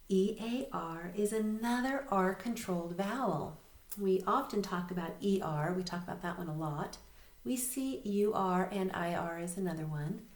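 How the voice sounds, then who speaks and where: A woman teacher giving a recorded reading lesson, patient and clear, spelling words slowly letter by letter. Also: lowish voice, a little mellow. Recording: roomy echo.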